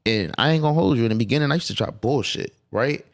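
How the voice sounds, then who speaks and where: A man's voice: medium pitch, expressive, fast. A man talking as a guest on a podcast, casual and emphatic, with profane streetwise phrasing. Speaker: clothing designer guest.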